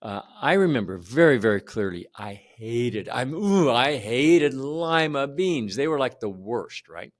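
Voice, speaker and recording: A man's voice: medium pitch, big pitch swings, measured pace, hardly any pauses. A man in his seventies telling a personal childhood story to camera in a conversational way, repeating words for emphasis. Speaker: channel host.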